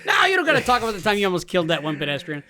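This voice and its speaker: Young guy ribbing his buddies on a podcast, high bright voice. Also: wildly swooping pitch. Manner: teasing, jokey, quick ribbing. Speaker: podcast co-host. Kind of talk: casual chat.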